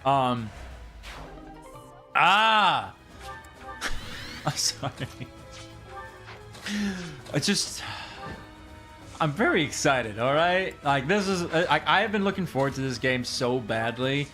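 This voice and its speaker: Excitable, bright-voiced male game streamer. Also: medium pitch, a little slow, long pauses, faint music behind. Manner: excitable and rambling, repeats himself, laughs often. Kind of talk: casual gameplay commentary.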